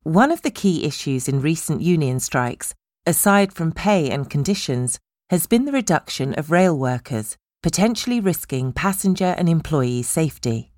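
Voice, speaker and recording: A woman narrating a feature in a measured, polished, scripted way. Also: low-pitched, expressive, a little mellow, dry recording, studio quality.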